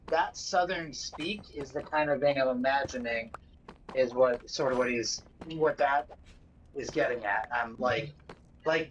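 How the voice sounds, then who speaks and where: A man's voice: medium pitch, a bit bright. Rambling man on a dull lo-fi stream. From northeastern United States. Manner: rambling, many fillers and restarts. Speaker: livestream co-host. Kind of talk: casual gaming chat. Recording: dull lo-fi stream audio with faint noise.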